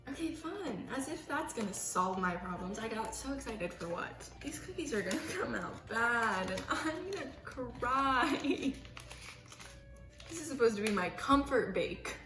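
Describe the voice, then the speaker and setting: In her home kitchen, a young woman with a fairly high, somewhat bright voice chats casually while filming a baking vlog. She's talkative, pokes fun at herself, and plays things up dramatically; the room echoes, with faint music behind.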